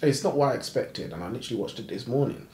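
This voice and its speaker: A man's voice: medium pitch, expressive, fast, a little mellow. Young guy laughing thru a book chat, voice bounces around a lot, echoey. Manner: jokey, laughs a lot, slangy. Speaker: book podcast co-host. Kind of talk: casual book discussion.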